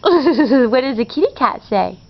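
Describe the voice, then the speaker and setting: A woman coaxing a toddler in slow, sing-song baby talk at home. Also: high voice, big pitch swings. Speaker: parent talking to a toddler. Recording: dull lo-fi home video.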